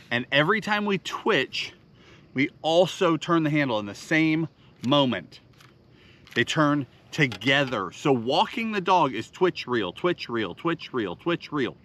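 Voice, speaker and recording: A man's voice: a little high, bright, forceful tone, a little hiss or hum. A man teaching a fishing seminar, speaking emphatically and counting out rhythms with punchy sound words. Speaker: fishing instructor. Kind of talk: instructional seminar.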